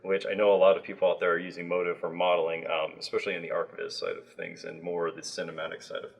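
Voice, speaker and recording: A man's voice: deep voice, fast talker, vocal fry. A man hosting a livestream, chatting casually with a guest, with plenty of fillers and restarts. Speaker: livestream host.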